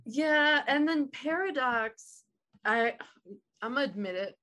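A woman in casual conversation about movies, with a slightly high voice. She talks freely, laughs often, and swears now and then. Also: moderate pace, pushed and bright. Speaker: podcast co-host. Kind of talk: casual chat about films.

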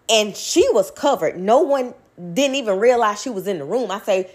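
A young woman, telling a personal story to her viewers in a blunt, animated way, swearing freely. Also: mid-range voice, moderate pace, few pauses.

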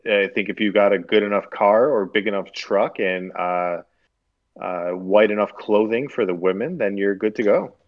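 A man's voice: lowish voice, normal speed, highs cut off. A man talking hesitantly with chuckles as a guest in a casual group chat. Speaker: podcast guest.

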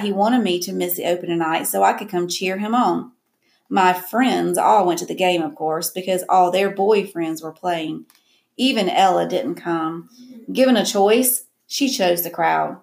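Audiobook narrator, woman, reflective first-person reading, gravelly tone. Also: fairly low pitch.

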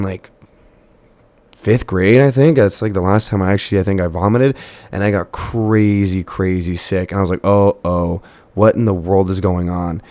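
A man's voice: fairly low pitch, no room sound. A young man hosting a podcast, telling a personal story in a rambling, casual way with many fillers. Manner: rambling, filler-heavy, animated retelling. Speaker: podcast host.

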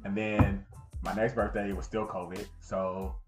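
A man co-hosting a podcast in casual chat, teasing his friends loudly and laughing often with plenty of swearing. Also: on the low side, little pitch movement, over loud music. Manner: teasing, loud, quick to laugh, profane.

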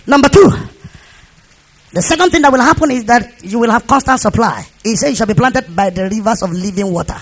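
A man's voice: very high voice, quick pace, husky. A man preaching a sermon, repeating phrases and leading the congregation in call-and-response. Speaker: pastor.

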